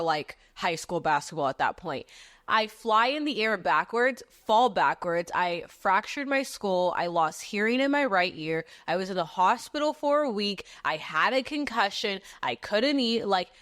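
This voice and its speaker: A young woman host spins a dramatic personal story in loose, chatty fashion. She swears freely and leans on "like" in almost every line, with animated delivery and a mid-range voice. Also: medium pitch. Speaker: podcast host. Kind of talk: casual storytelling chat.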